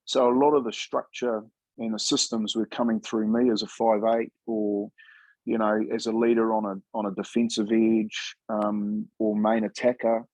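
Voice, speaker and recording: Easygoing ex-coach from New Zealand, 50s, husky and dry-miked, chatty storyteller. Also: male voice, lowish voice, level tone, moderate pace, a little mellow, no room sound, rough recording. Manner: laid-back, chatty, says "mate" often, acts out quoted dialogue. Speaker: former rugby league player and coach, guest. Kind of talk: casual storytelling interview.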